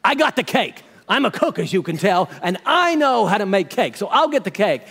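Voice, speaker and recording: A man's voice: high-pitched, very animated, moderate pace, fairly bright tone, slightly rough, big-room sound, voice pushed up, full character voice. A man doing a blunt, folksy diner cook. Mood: eager. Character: plain-spoken male diner cook and owner.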